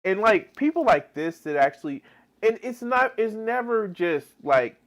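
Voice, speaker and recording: A man's voice: high-pitched, lively intonation, measured pace, creaky. A man live-streaming reaction commentary, exasperated and swearing heavily, with rambling restarts.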